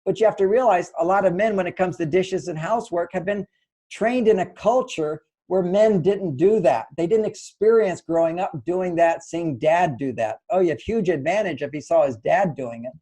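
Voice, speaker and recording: Older male advice author, mellow and slightly high-pitched, patient teaching manner. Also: normal speed, poor audio. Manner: gentle, explanatory, acts out little dialogues. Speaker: relationship author and guest. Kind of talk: conversational advice interview.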